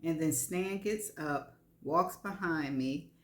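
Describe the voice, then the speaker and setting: A woman's voice: low voice, slow. A woman giving a live reading of frank first-person fiction, wry and laughing between lines. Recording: echoey room.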